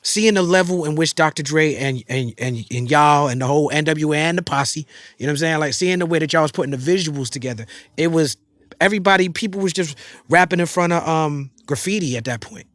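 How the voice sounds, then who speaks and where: A middle-aged man hosting an interview, talking fast and enthusiastically in slangy casual speech with many restarts. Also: on the high side, a bit bright, dry recording. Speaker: podcast host.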